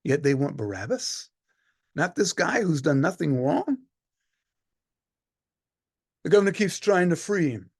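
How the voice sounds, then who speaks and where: A man performing a one-man play as a weary Roman centurion, telling the story in a dramatic monologue that swings from hushed to loud. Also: on the high side, big pitch swings, measured pace, long pauses, husky, no echo, studio quality.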